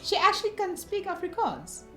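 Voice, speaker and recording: A woman with a South African accent, co-hosting a podcast chat, giggly and excitable, swearing casually. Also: extremely high pitch, fairly quick, soft background music. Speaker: podcast co-host.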